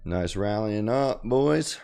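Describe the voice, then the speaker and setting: Faint music plays behind a man who livestreams his day trading in a relaxed, animated way. His fairly low voice is mellow and smooth with vocal fry, and he goes slowly, restarting and repeating, asking "okay?" and "right?" and swearing now and then.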